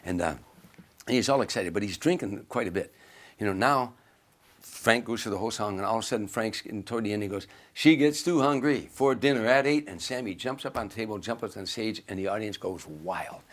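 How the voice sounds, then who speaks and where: A man's voice: lowish voice, a little fast. A man casually telling a story, acting out the quoted lines as he goes. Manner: animated storyteller who acts out quoted lines.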